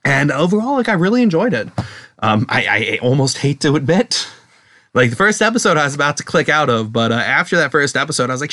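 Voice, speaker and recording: A man's voice: fairly high pitch, very animated, quick pace, bright, forceful tone. A man co-hosting a casual podcast, talking profanely and acting out characters' lines as he recaps. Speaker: podcast co-host.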